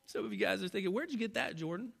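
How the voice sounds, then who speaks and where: A pastor preaching to a congregation from a church stage, swinging between loud, animated passages and hushed, quiet ones. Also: male voice, sits high, very fast, vocal fry, slightly rough. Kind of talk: sermon.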